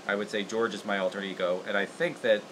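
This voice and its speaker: A man's voice: on the low side, fairly even intonation, fast, background noise. A man hosting a casual livestream puppet-making tutorial, rambling and laughing at himself as he works. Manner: rambling, laughing, self-deprecating. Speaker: puppeteer host.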